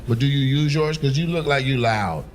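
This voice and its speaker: A man's voice: mid-range voice, moderate pace. A man doing teasing, profane crowd work as a stand-up comedian on a club stage. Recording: live show with crowd noise. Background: audience laughter.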